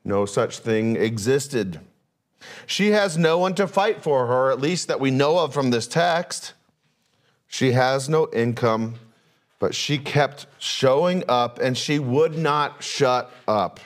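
Man preaching a lively sermon. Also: slow pace. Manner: preaches with rhetorical questions, pace and pitch swinging. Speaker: pastor.

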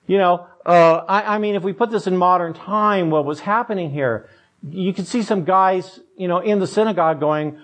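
A man's voice: high voice, normal speed. Man preaching through a funny personal story. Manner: storytelling, self-deprecating humor, conversational. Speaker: pastor. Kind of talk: sermon.

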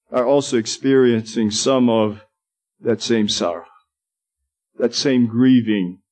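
A man preaching a sermon, slow and emphatic, drawing out stressed words. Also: fairly high pitch, darkish tone.

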